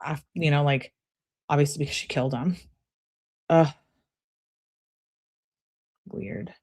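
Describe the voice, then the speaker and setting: A woman's voice: low-pitched, slow pace, a little mellow. A woman reading text messages aloud and adding chatty, slangy commentary in a casual tone. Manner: chatty, reactive, slangy asides. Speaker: true crime commentator.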